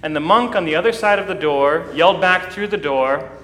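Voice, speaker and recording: A man preaching a sermon, telling a story dramatically and building to loud, emphatic peaks. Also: a little high, brisk. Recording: echoey hall with long reverb.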